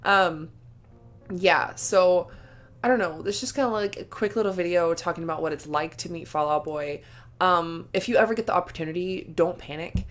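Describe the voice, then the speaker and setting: A woman's voice: lowish voice, moderate pace, soft background music. A young woman telling a story in a casual vlog. She gushes with emotion, says "like" and "um" often, and laughs between sentences. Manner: gushing and emotional, with filler words and laughs. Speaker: vlogger.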